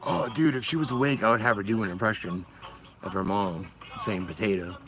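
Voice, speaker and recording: A man from Massachusetts, USA, chats casually on a livestream, rambling, swearing, and laughing often. His voice is lowish and fairly quick, with a crowd in the background and low-quality recording.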